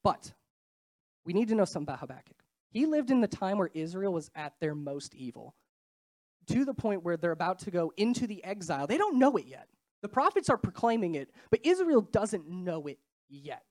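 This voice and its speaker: A young woman giving a casual, chatty sermon, a bit stuffy and nasal from a cold, with quick self-deprecating asides. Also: lowish voice, sing-song, a little mellow. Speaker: preacher.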